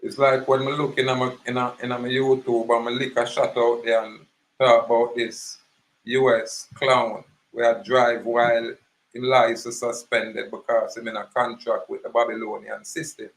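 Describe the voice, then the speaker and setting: A man's voice: mid-range voice, little pitch movement, moderate pace, rough recording. A man with a Jamaican accent giving an impassioned, preachy monologue, emphatic and repetitive. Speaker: activist speaker.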